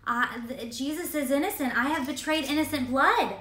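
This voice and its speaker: A guilt-stricken man, voiced by a woman telling a story who stumbles through a halting confession. The voice is bright and it echoes in the room. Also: sits high, far from the mic, pitched above the performer's own voice. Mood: remorseful.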